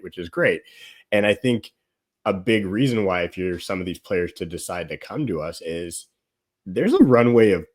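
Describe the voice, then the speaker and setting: A man with a fairly low voice talks as a guest on a football chat show. He rambles in an animated way, leaning on "like", breaking into laughs and acting out other people's voices. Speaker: guest pundit.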